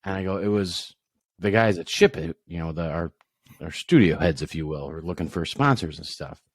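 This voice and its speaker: A man's voice: sits low, expressive, a little fast, dry recording, clean studio sound. A man co-hosting a podcast, telling teasing, profane stories in casual banter. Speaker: podcast co-host.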